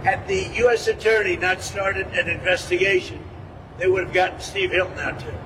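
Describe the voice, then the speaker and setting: A man's voice: high-pitched, normal speed. A man making rambling, repetitive off-the-cuff remarks as a politician. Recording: distant mic with vehicle noise.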